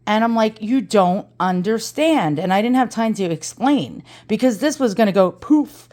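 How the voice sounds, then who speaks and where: A woman's voice: on the high side, animated, moderate pace, darkish tone. A woman with an East Coast American accent, talking in a chatty and dramatic way in a casual unboxing vlog, swearing freely. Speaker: antiques reseller vlogger.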